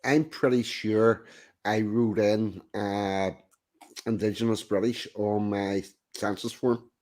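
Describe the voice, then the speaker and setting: A man's voice: on the low side, fairly even intonation, takes it slowly, darkish tone. A man co-hosting a casual commentary stream, talking in a dry, matter-of-fact way. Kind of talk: casual political commentary chat.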